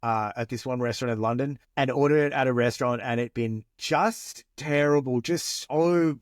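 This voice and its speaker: A man's voice: medium pitch, normal speed, dry recording, studio quality. A man co-hosting a podcast, rambling in casual chat and swearing now and then. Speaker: podcast co-host.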